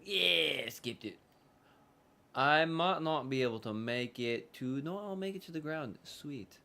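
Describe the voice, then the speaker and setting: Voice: medium pitch, lively intonation, unhurried, vocal fry, bright, forceful tone. A streamer chatting loosely over gameplay, rambling, swearing casually and trailing off mid-thought.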